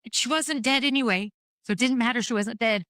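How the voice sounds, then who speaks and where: A woman's voice: on the high side, brisk, pushed and bright, no room sound. Middle-aged woman, frank and wry, rambly storytelling, dry close mic. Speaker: podcast guest. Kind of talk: candid conversation about grief.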